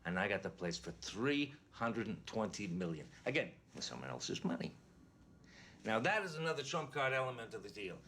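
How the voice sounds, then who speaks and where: A brash boastful tycoon. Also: male voice, on the low side, very animated, moderate pace, pushed and bright, a little hiss or hum, full character voice. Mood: bragging. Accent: New York. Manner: boastful, bossy, crude asides. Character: boastful brash male tycoon, crude and self-praising.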